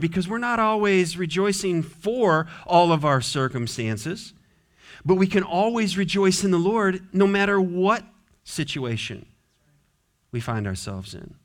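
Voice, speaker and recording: A man preaching a sermon as pastor in a church, dropping to soft low asides and rising to loud, drawn-out exhortation. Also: lively intonation. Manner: emphatic, drawn-out stressed words. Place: church sanctuary.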